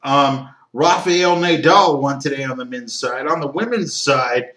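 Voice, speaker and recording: A man hosting a solo sports talk podcast, opinionated and given to rants, with frequent fillers and throat-clearing. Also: medium pitch, measured pace, fairly bright tone, echoey room. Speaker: podcast host.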